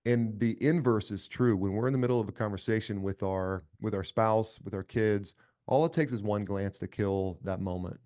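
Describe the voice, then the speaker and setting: A middle-aged man with a lowish voice talks as a podcast guest. He speaks earnestly and with emphasis, circling back and restarting his phrases as he thinks aloud. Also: fairly even intonation, normal speed, warm tone. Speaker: podcast guest, company cofounder. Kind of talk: casual conversational interview.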